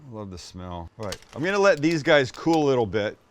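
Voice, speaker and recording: A man's voice: mid-range voice, sing-song, fairly quick, a little hiss or hum. Older guy hosting a cooking show, jokey and rambling, talks you through the recipe. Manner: joking, self-deprecating, rambling asides. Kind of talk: casual cooking demo chat.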